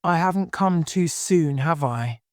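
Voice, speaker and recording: A reader playing a polite, wounded young gentleman. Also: medium pitch, a little slow, no echo, studio quality, close to an everyday voice. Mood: hurt. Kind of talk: audiobook reading.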